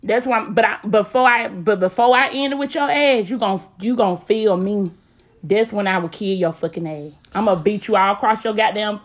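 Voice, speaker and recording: A woman's voice: medium pitch, normal speed, dull audio. A woman hosting a casual advice chat, talking brash and profane with lots of laughter. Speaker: host.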